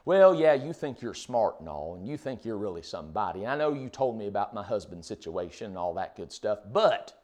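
A man's voice: on the low side, very animated, fairly quick, hardly any pauses, darkish tone. A male preacher voicing a sarcastic, skeptical woman at a well, in a mocking, dismissive tone.

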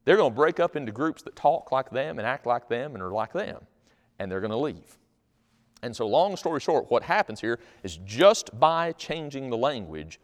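A man preaching a sermon in a folksy, conversational way, in a church hall. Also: mid-range voice. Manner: folksy, conversational, acts out little scenes. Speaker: pastor. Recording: long hall reverb.

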